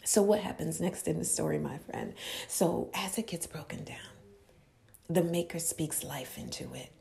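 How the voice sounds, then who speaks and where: A woman preaching an inspirational sermon as an author, intimate and impassioned, often dropping into a hushed whisper and building with repeated exhortations. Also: deep voice, normal speed, gravelly.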